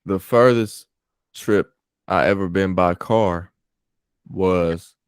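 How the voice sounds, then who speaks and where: A young man from California with a deep, low voice tells stories in a loose, rambling way. He swears freely and keeps restarting his sentences. The sound is dry and close, with no room around it. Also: slow pace, clean tone, dry recording. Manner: rambling, profane, lots of fillers and restarts. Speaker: podcast host. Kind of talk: casual storytelling chat. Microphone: call audio.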